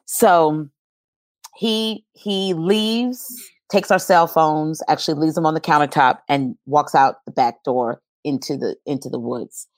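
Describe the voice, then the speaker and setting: A woman's voice: sits low, moderate pace, darkish tone, no room sound, clean studio sound. A woman guest telling a personal story in earnest, testimony style, in an interview.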